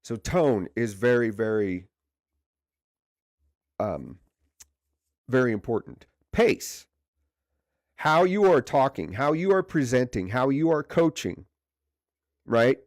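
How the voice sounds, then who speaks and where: A man's voice: mid-range voice, very animated, slow pace, pauses often, no room sound, studio quality. A man leading a livestream leadership training session, speaking conversationally and repeating words for emphasis. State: stiff neck from poor sleep. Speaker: leadership coach.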